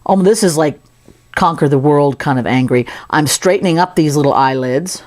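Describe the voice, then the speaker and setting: A woman's voice: deep voice, normal speed, a little mellow. A woman giving a casual, playful sculpting tutorial, chatting as she works. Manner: chatty, playful, talks while working. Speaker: sculpting instructor.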